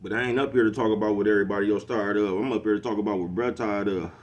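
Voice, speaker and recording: A middle-aged man hosting his own vlog speaks fast and with few pauses, his voice on the low side and a little mellow. The rant he delivers to the camera is easygoing and slangy, with frequent asks of whether you know what he's talking about.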